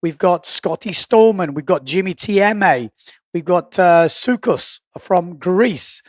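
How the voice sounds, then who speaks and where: A man's voice: high voice, lively intonation, takes it slowly, no echo, clean studio sound. A man giving chatty, rambling live sport commentary as the stream's host. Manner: chatty, rambling, thinking aloud. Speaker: livestream commentator.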